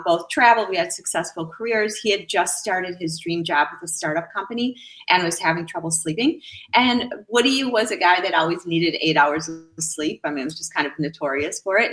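A middle-aged woman speaks as a guest on a radio interview, with a voice pitched a little low. She talks in a halting way, full of fillers and restarts. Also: a bit bright, rough recording. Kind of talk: personal account in a radio interview.

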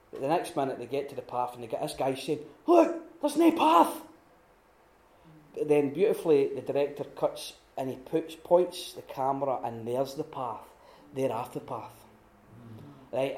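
Animated man teaching in an echoey room. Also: on the high side. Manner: animated storytelling with many restarts and acted-out quotes. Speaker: retreat speaker. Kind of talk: informal teaching talk. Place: room at a retreat.

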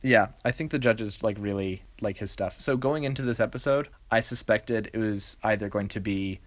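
Brief: podcast co-host, woman with a very low voice, measured and explanatory, dry close sound. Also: no room sound. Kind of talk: casual chat.

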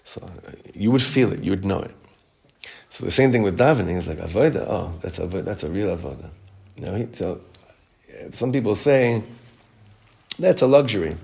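A man teaching a Torah class as rabbi, reading text quickly and explaining it in chatty English. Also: low-pitched, creaky, breathy edge. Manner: reads Hebrew text fast, then explains it in relaxed English; chatty, with frequent restarts.

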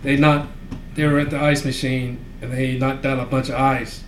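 A man's voice: mid-range voice, little pitch movement, moderate pace. A man co-hosting a podcast, telling a rambling, profane story in casual chat, full of fillers. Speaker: podcast co-host. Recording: echoey room with faint ambient noise.

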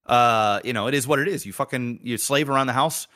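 A man co-hosting a podcast, telling a home story in casual chat, animated and full of swearing and laughs. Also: medium pitch, fairly quick. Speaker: podcast co-host.

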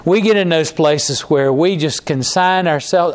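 Casting: a male preacher, slightly high voice, conversational sermon, halting restarts, dramatizes quotes. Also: fairly even intonation, clean tone. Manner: conversational, repeats and restarts words, acts out quoted lines.

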